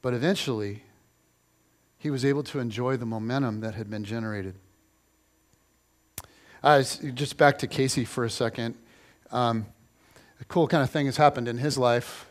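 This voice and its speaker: A middle-aged male pastor preaching a sermon, telling stories with lively repetition for emphasis. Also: mid-range voice, normal speed, long pauses. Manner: animated storytelling, repeats phrases for emphasis.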